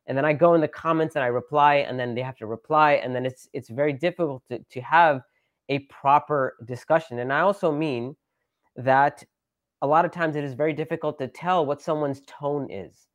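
A man's voice: fairly high pitch, moderate pace, no room sound. Rambling man on a dry, close mic. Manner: rambling with many fillers and restarts; repeats phrases with shifting emphasis. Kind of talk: casual live talk.

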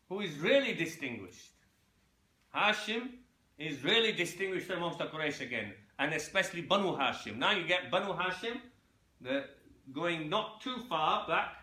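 A man gives a loose, unscripted history lecture in a bright, fairly high voice. He halts often, repeats words and keeps asking his listeners if they follow. The room around him rings with echo. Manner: halting, repeats words and fillers; checks in with listeners, asking "yeah?". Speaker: Islamic history teacher. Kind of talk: informal lecture on lineage.

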